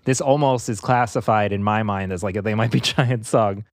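A man's voice: on the low side, moderate pace, no room sound. Dry, chatty male podcast co-host. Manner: conversational, frequent fillers and restarts. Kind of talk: casual chat.

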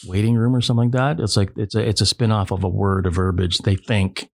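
A man's voice: on the low side, fairly even intonation, fast, gravelly, dry recording, clean studio sound. A man co-hosting a casual podcast chat, rambling with many restarts and stammers.

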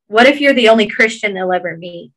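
A woman's voice: medium pitch, lively intonation, fast, a bit bright, poor audio. A woman with a Georgia Southern accent, earnestly encouraging listeners in a casual podcast chat.

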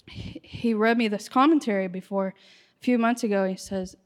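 A woman preaching a sermon with passion, her voice rising to shouts at its peaks. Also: medium pitch, normal speed, big-room sound. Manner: impassioned, builds to shouting.

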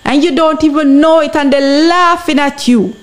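A woman with a Jamaican accent talks as a podcast guest, urging her listeners on. Her voice sits a little on the high side, and she keeps stopping to ask whether they understand. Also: normal speed. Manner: earnest, exhorting, often asks "you understand". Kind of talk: impassioned podcast commentary.

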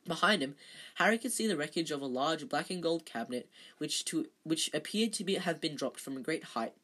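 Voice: medium pitch, lively intonation, fairly quick, fairly bright tone. An amateur reader casually reading a novel aloud, stumbling and correcting themself now and then. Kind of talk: casual read-aloud narration with slips and self-corrections.

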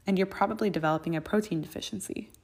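A woman's voice: medium pitch, very fast, a little mellow, husky. A woman voicing a stubborn, caring young witch in a fan fiction audiobook, speaking in an earnest, insistent way.

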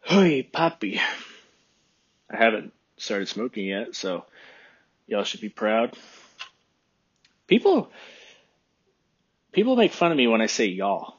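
A man from Texas hosting his podcast in a rambling, relaxed chat, with a phlegmy throat he keeps clearing. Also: lowish voice, measured pace, long pauses, dull audio. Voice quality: phlegmy, husky. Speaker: podcast host. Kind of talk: casual solo podcast chat. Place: room by a window.

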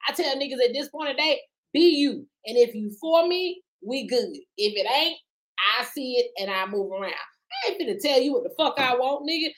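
A woman co-host talks in a casual podcast chat, her voice sitting a little high. She is blunt and profane, and laughs often. She swings between low mutters and loud outbursts. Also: expressive, normal speed.

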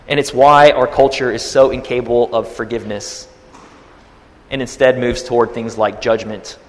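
A male pastor preaching a sermon, retelling a scripture story with swings between quiet and loud. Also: medium pitch, in a large hall.

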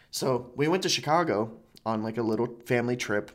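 Guy rambling thru a story in a casual chat, mid pitch, swears a bit, lots of likes and ums. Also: a little fast, hardly any pauses. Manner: loose, rambling storyteller with filler words and swearing.

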